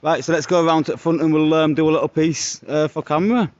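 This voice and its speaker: A man's voice: on the high side, fairly even intonation, fast talker, a little mellow, dry recording, muffled recording. Chatty man vlogging to camera outside. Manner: chatty, pleased, addressing viewers. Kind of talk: casual vlog narration to camera. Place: outdoors by a house.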